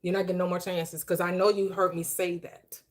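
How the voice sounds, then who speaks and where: A woman hosting a live call-in chat, talking in a forceful, emphatic and confrontational way. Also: fairly low pitch, flat delivery, brisk. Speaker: host.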